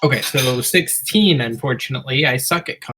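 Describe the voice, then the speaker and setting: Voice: medium pitch, brisk, a bit bright, slightly rough. A player in a tabletop game, chatty and checking the rules aloud. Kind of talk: casual tabletop play.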